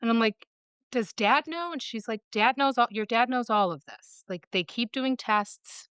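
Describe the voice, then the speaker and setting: A woman's voice: a little high, a bit bright, smooth, no echo. A woman from Michigan, a podcast guest, telling a personal story and quoting others as she goes, with lots of "like.". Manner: fast retelling, quoting others with "like".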